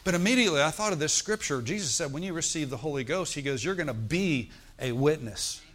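A man's voice: fairly high pitch, animated, fast, fairly bright tone. A middle-aged male preacher, telling a story and calling out to the congregation in a sermon. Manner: storytelling, asks the congregation for responses.

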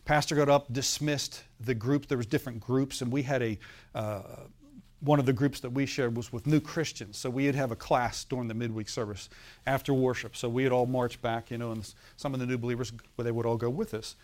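A man's voice: mid-range voice, fairly even intonation, a little fast, a little mellow. A male pastor preaching a sermon, telling a story and often asking the congregation for an amen, with a laugh now and then.

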